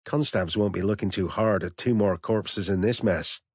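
Calm older shopkeeper, as a male narrator puts him on, deep husky voice, dry close sound, level delivery. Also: normal speed, no room sound. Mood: matter-of-fact.

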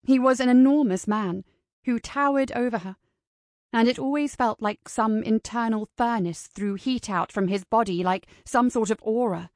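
A woman reading an audiobook in a measured, expressive way. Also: fairly high pitch, dry recording, clean studio sound. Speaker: audiobook narrator. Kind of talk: scripted audiobook narration.

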